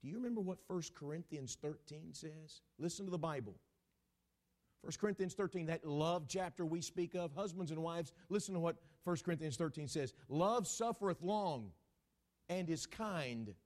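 A middle-aged preacher with a slightly high voice talks a little fast, aiming his sermon straight at listeners. He shifts dramatically between loud outbursts and near-whispers, frequently restarting and repeating words.

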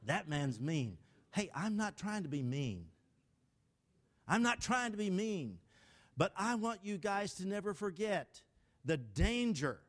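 An older man preaching a sermon from the pulpit, emphatic, urging the congregation to recite with him and shouting lines for emphasis. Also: medium pitch. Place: church sanctuary at the pulpit.

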